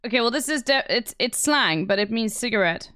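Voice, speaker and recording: A woman's voice: on the high side, animated, a little fast, a bit bright, clear, resonant tone, dry recording, clean studio sound. A woman streaming, chatting casually and laughing often. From South Africa. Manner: giggly, chatty, laughs a lot. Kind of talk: casual chat.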